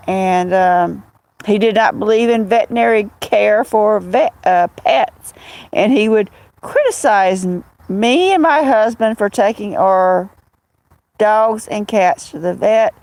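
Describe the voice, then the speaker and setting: A woman's voice: mid-range voice, slow pace, a little mellow, dry recording, low-quality recording. A woman chatting casually on a phone livestream at home, greeting viewers by name and telling stories. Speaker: livestream host.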